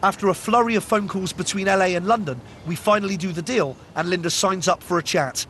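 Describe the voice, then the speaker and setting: A man's voice: high voice, brisk, a bit bright, a little hiss or hum. A man narrating a scripted TV voice-over in a wry, dramatic way.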